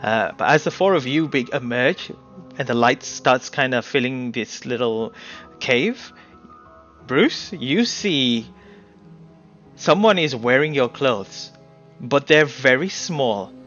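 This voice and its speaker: A man's voice: mid-range voice, lively intonation, slow, fairly bright tone. A man running a tabletop game as game master, narrating loosely with many fillers. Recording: slightly dull mic with faint music.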